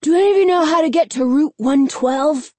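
A gruff elderly driver leans out of his car window to call to some kids, as a woman reading aloud puts him on. The voice stays fairly high, in a calm audiobook delivery. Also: brisk, dry recording, close to an everyday voice.

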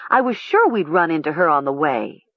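A woman's voice: sits low, very animated, moderate pace, breathy edge, dry recording, muffled recording, exaggerated voice. A woman voicing an anxious teenage girl who frets and worries aloud. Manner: anxious, fretful.

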